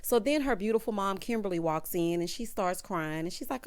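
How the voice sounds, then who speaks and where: Woman, recap host, casual commentary, sassy, expressive, mid pitch. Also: normal speed, hardly any pauses. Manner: sassy, expressive, calls viewers child and honey. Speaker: reality show recap host.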